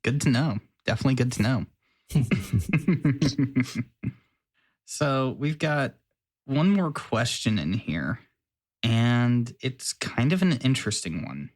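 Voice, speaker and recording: A man's voice: mid-range voice, very animated, slow pace, long pauses. Chatty, teasing podcast co-host man. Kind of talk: casual chat.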